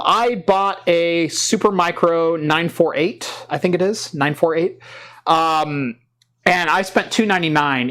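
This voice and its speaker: A man's voice: high-pitched, a bit bright. Chatty male tech podcast host. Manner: chatty, rambling, reads donations aloud. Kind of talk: casual livestream chat.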